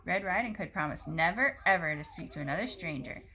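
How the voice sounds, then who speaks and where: A woman reading a children's storybook aloud, playful and animated, with a slight gravelly edge. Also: on the low side, a little fast, a little hiss or hum. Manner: animated, playful voices for characters.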